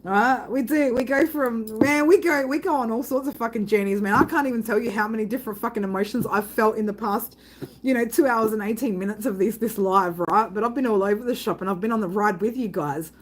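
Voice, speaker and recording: Fairly high-pitched and a little fast, a woman talks casually with viewers during her live tarot reading stream, heard through poor audio. She swears all the time and keeps asking "right?", laughing loudly whenever she reads chat comments.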